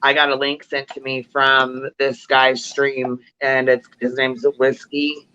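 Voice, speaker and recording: Bright-voiced man gossiping on a livestream. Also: medium pitch, monotone, takes it slowly, a little hiss or hum. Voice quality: laughs often, swears freely, mimics others. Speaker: livestream host. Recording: lo-fi stream audio.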